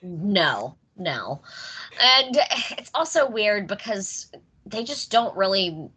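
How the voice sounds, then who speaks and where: An American woman hosts a podcast in easy, casual chat and laughs often along the way. Her voice is bright and forward, and her pitch moves a lot as she talks. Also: takes it slowly, breathy edge. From United States. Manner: laughs often, animated and chatty. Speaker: podcast host. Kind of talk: casual chat reviewing a movie.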